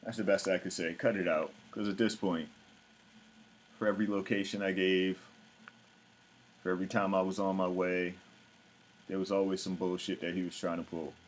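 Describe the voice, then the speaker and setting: A show host in casual commentary to viewers, blunt, profane and exasperated. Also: male voice, low-pitched, flat delivery, normal speed, long pauses, slight background noise.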